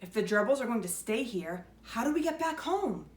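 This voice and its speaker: Tiny frightened storybook girl, high and hushed, read by a woman. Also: big pitch swings, a little fast. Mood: worried. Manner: hushed, anxious. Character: tiny scared girl, Lucy. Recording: echoey room.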